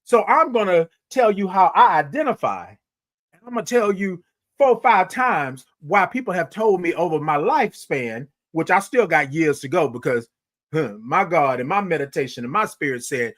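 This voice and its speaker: A man's voice: on the high side, expressive, normal speed, fairly bright tone. A man hosting a morning show, delivering a motivational monologue in a preacherly way, talking straight to his listeners and repeating lines for emphasis.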